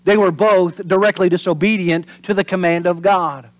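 A pastor delivering a sermon in an animated preaching manner. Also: male voice, high-pitched, normal speed, no room sound. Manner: animated preaching, acts out voices and drops to whispers for emphasis.

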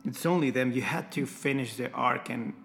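A man's voice: medium pitch, moderate pace, gravelly, a bit bright. A man in casual conversation about a film, enthusiastic and often repeating words as he talks. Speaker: movie fan discussing a film. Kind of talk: casual chat.

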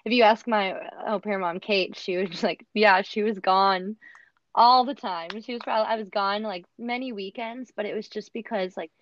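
A woman's voice: medium pitch, moderate pace, dry recording. A young American woman who talks animatedly, telling stories in a casual chat with lots of fillers. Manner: animated, storytelling, many fillers. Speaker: guest, former au pair. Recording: dull, dry lo-fi recording.

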